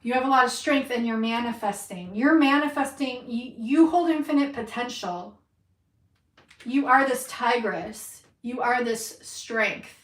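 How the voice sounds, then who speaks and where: Woman doing a psychic reading, fired up and cussing, higher voice, kinda far from the mic in an echoey room. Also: a little slow. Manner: emphatic, encouraging, swears freely. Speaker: tarot reader. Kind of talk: livestream intuitive reading.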